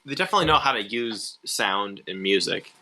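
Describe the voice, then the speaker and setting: A man's voice: lowish voice, animated, fairly quick, sharp tone, poor audio. A young man co-hosting a film podcast, rambling casually with many fillers and frequent laughs. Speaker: podcast co-host. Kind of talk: casual chat.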